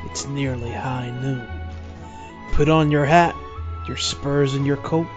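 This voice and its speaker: A man's voice: high voice, very animated, moderate pace, lo-fi sound, music in the background, voice pushed up. A man doing a drawling old-West cowboy announcer. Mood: folksy. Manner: folksy drawl with Western slang. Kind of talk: comedic podcast promo.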